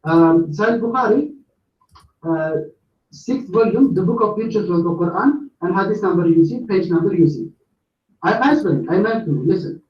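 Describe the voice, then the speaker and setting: A man calling into a debate, reading out references in a halting way with many filler sounds. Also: high-pitched, expressive. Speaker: debate caller. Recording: distant echoey muffled call audio.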